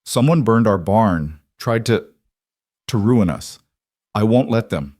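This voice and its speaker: A man voicing a shy young husband with a raspy, hoarse voice who talks haltingly and repeats his words. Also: fairly low pitch, expressive, a little mellow, no room sound, clean studio sound. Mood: resolute.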